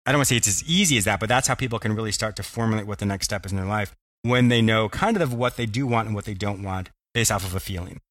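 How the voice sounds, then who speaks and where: A man's voice: fairly low pitch, fast, few pauses, a bit bright, dry recording. A man hosting an interview show, asking long, rambling, thoughtful questions and laughing easily. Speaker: podcast host. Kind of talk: casual interview chat.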